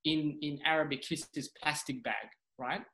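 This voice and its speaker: Animated young man telling stories. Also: a little high, moderate pace, low-quality recording. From Sudan. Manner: animated, acts out quoted voices. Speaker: stand-up comedian guest. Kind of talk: casual storytelling chat.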